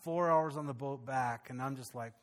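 A man, a pastor, telling a personal story in a lively, conversational way during a sermon. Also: mid-range voice, moderate pace.

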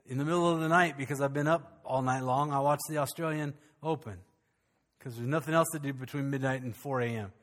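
A man preaching a sermon as pastor, animated and calling out questions to his congregation. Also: mid-range voice, a little fast, big-room sound.

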